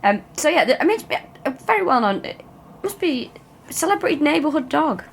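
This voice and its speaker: A woman's voice: high voice, sing-song, fairly quick, slight background noise. A woman co-hosting a comedy podcast in a casual, jokey chat, laughing often and adding chatty asides.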